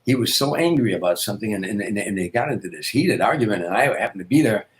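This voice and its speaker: An older man, a comedian, telling anecdotes in an interview, with repetitions and quick restarts. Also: lowish voice, lively intonation. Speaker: guest comedian. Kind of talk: storytelling interview.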